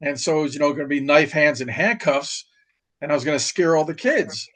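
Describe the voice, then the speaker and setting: A middle-aged man tells stories of his service in loose, casual podcast chat. His voice sits a touch high for a man, and he circles back on his words with frequent uhs and restarts. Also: lively intonation, a little fast, fairly bright tone. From New York. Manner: rambling, many restarts and fillers. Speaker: podcast guest, retired Marine. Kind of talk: casual storytelling.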